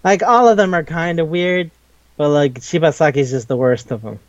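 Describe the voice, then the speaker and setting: A man talking casually on a podcast, rambling along and swearing as he recaps scenes. He drops into brief put-on voices for the characters he quotes. His voice sits at an ordinary pitch, and the recording sounds dry and a little dull. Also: moderate pace, dry recording. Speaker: podcast co-host. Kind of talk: casual chat.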